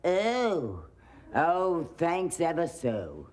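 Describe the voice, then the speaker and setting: Older woman croaking as a sad frog prince. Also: on the low side, wildly swooping pitch, extremely slow, a little mellow, full character voice. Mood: pleading. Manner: croaking, pleading. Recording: studio audience laughter behind.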